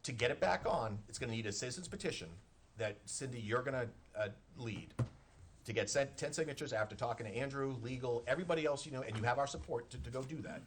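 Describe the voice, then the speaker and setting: Quick-talking man with a Boston-area accent, running a town meeting with jokes and fast motions. He sounds mid-pitched and is heard over a noisy hiss from a public-access meeting recording. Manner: brisk, joking, self-deprecating. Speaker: board chair. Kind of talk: chairing a town board meeting.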